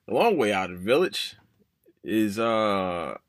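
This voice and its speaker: Fairly low in pitch and very animated, this young man talks a little slowly as he hosts his podcast. He rambles through something that happened to him, cursing and apologizing, and voicing what went through his head at the time.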